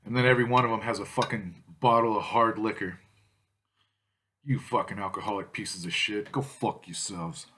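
A man's voice: on the low side, moderate pace, noisy background. A man vlogging about drinking malt liquor, ranting angrily at viewers with constant swearing. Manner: angry, foul-mouthed, insulting. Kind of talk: profane ranting vlog.

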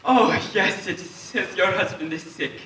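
A teenage boy playing a meek young male bank clerk in a high school stage play, dutiful and flat. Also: unhurried, a little hiss or hum. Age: teens. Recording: echoey hall from far off.

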